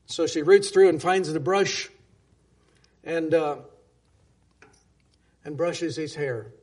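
A man's voice: on the high side, slow pace, darkish tone. A man preaching a sermon, telling a story earnestly and closing in prayer. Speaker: pastor.

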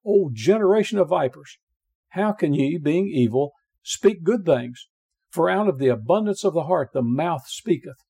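A man with a slightly high but dark, mellow voice preaches a sermon, working through scripture verse by verse. His tone is gravelly and a little husky. He stresses key words by repeating them earnestly and often stops to restart a phrase. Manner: halting, with frequent uh fillers and restarts. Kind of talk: sermon, verse-by-verse Bible teaching.

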